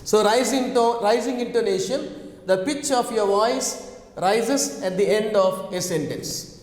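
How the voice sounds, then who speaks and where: A male teacher giving a classroom lecture, dictating slowly and repeating key terms, and often checking on his students with "okay" and "right.". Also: high voice, a little mellow, roomy sound, in a large hall.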